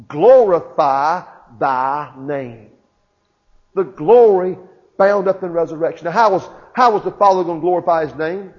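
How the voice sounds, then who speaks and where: A man with a high voice preaches with fervent, swelling emphasis, often putting questions to the people before him. The sound is muffled and lo-fi. A long reverb trails his words through a hall. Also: a little mellow. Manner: fervent, rising and falling emphasis, questions to the congregation. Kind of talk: sermon.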